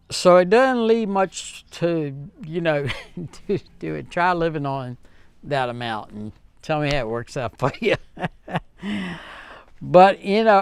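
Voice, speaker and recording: A man with a fairly high, smooth voice talks to his viewers slowly and earnestly, full of ums, uhs and restarts. The sound is close and dry, with no room around it. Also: dry recording. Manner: halting, with many fillers and restarts; earnest and heartfelt. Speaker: channel host. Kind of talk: casual vlog talk to viewers.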